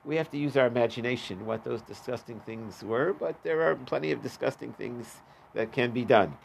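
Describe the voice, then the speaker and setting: A man's voice: medium pitch, fairly quick, vocal fry, slight background noise. A man teaching a Talmud class, reading the Aramaic and translating it in a casual, chatty way. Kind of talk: daf yomi Talmud class.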